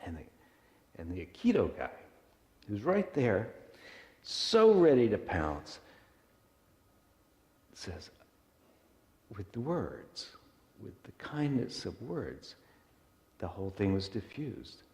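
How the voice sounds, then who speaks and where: A man's voice: lowish voice, wildly swooping pitch, slow pace, long pauses, a little mellow. A man, a minister, giving a reflective and earnest sermon told as a story, with small restarts. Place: church sanctuary. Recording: echoey church hall.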